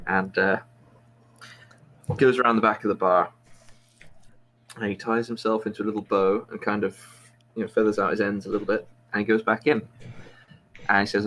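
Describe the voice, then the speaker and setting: A man's voice: lowish voice, level tone, brisk, long pauses, a bit bright, slight background noise, low-quality recording. A man hosting a casual quiz chat, telling a long shaggy-dog joke in a meandering, self-interrupting way. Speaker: quiz show host. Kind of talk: rambling joke-telling among friends.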